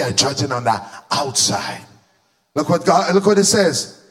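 A man preaching a sermon, animated, shouting for emphasis and asking the congregation questions. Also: fairly high pitch, a little slow.

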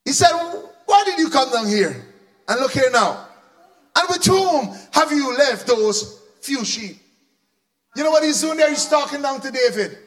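A man preaching a sermon, animated, shouting for emphasis and asking the congregation questions. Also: very high voice, unhurried.

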